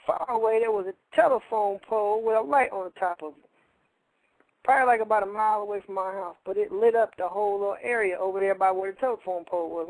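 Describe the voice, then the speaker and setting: A man with a high, gravelly voice spins a rambling yarn on a radio show, talking casually and looping back over his own phrases. His voice is close and dry, with no room around it. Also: no room sound, poor audio. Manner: rambling, colloquial, repeats phrases. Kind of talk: casual storytelling.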